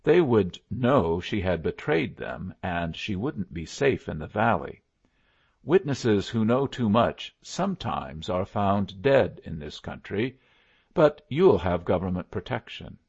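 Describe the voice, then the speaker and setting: A man reading an audiobook, voicing a wry adult male frontier officer in a gravelly voice. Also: on the low side, sing-song, slow, a little mellow, dull audio, heavily acted. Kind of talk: audiobook character voice.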